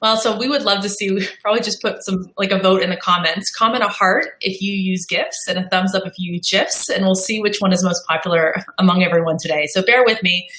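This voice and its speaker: A woman's voice: mid-range voice, fairly even intonation, fast, hardly any pauses, fairly bright tone, reverberant, low-quality recording. A woman on a live marketing webinar, walking through slide examples in an upbeat way with a few fillers. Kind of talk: presenting tips on a live webinar.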